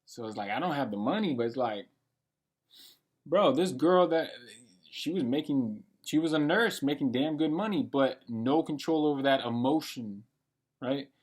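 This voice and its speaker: A man's voice: mid-range voice, moderate pace, darkish tone. A man in his late twenties giving a blunt, profane and rambling monologue for his vlog. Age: late 20s. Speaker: vlogger. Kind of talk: unscripted rant monologue.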